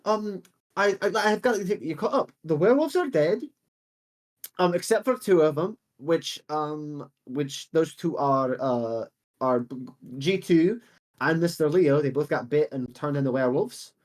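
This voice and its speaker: A man's voice: a little high, unhurried, a little mellow, lightly acted. A man voicing an elderly female earth genasi apothecary, rambling and hesitant with many fillers. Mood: chattering.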